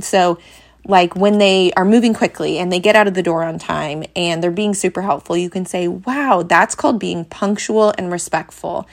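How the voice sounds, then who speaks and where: A young woman with a slightly low voice chats frankly about parenting as a podcast host. She talks casually and bounces into a brighter, higher voice when she quotes someone. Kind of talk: casual chat.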